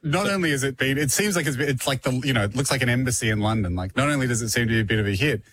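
A man's voice: mid-range voice, very fast, slight background noise. A man, a podcast co-host telling a story in casual chat and laughing often. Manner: animated storytelling, laughs a lot.

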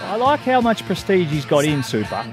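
A man's voice: high voice, big pitch swings, normal speed, music in the background. A man co-hosting radio in a dry, laconic way. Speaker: radio co-host. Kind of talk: casual radio banter.

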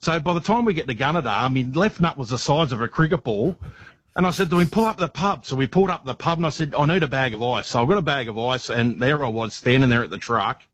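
A man's voice: medium pitch, fast talker, breathy edge, no room sound. An Australian man calling in to a radio show, telling a rambling, colourful story. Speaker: caller. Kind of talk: storytelling phone call. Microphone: phone line. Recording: dull phone line.

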